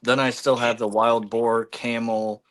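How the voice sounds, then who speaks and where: A man's voice: mid-range voice, level tone, a little slow, a bit bright. A man hosting a casual livestream, rambling with many fillers and eating while he talks. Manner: chewing food while talking. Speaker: livestream host.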